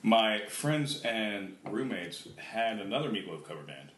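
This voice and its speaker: A man with a lowish voice co-hosts a casual podcast, relaxed and low-key as he shares a story. The room is roomy, with a faint noise floor. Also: measured pace. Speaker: podcast co-host. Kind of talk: casual chat.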